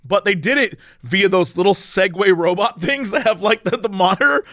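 A man's voice: sits high, moderate pace, pushed and bright, no room sound, clean studio sound. A man in casual podcast chat, animatedly telling a story and acting out the quoted lines.

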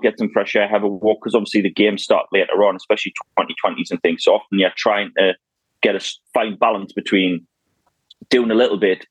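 A man's voice: fairly low pitch, slightly rough, no echo, poor audio. A man co-hosting a casual podcast, easygoing and playful, going along with the jokes. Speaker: podcast co-host. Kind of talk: casual chat.

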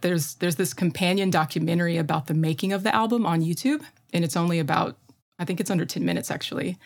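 Midwestern woman co-host, lower register, eager and talkative. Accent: Midwestern American. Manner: enthusiastic, chatty, many fillers. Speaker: podcast co-host. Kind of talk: casual music chat.

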